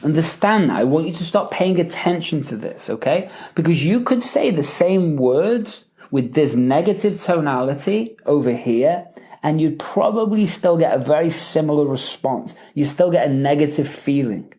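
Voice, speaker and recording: Brief: male coach, lively swooping pitch, emphatic, keeps asking "right?" while he teaches. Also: normal speed. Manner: animated, emphatic, checks in with "right?" and "okay?". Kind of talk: live Q&A teaching.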